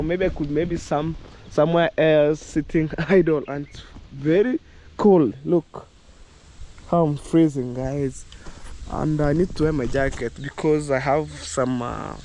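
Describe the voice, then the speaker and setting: A man's voice: on the high side, fairly even intonation, a little slow, a little mellow, slight background noise. A young man from Kenya with a Kenyan accent, chatting loosely to his viewers outdoors in a village yard, peppering his talk with "you know, guys". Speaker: vlogger. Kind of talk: casual vlog chat to viewers.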